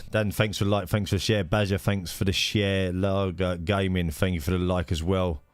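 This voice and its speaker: Male streamer, deep voice, dry close sound, faint music underneath, chatty host greeting his viewers. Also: flat delivery, normal speed, no room sound. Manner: chatty, greets viewers by name, many fillers. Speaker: streamer hosting a racing league. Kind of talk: casual live-stream chat.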